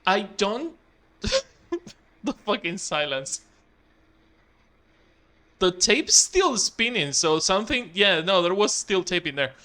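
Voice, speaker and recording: A man casually commenting while playing a video game, excitable and swearing freely. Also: sits high, slow pace, pauses often. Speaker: gaming streamer. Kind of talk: casual let's-play commentary.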